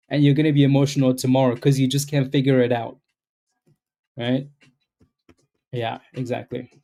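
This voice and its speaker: Male trading stream host, slightly high, mellow voice, rambling casual commentary. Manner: rambling, keeps asking "right?", repeats himself. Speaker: stock trading livestream host. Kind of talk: casual live market commentary.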